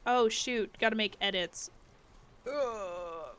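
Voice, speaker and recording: A woman streamer chatting casually with her live chat, playful and giggly, often laughing and sometimes dropping into quiet mumbled asides. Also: medium pitch, takes it slowly, a little hiss or hum.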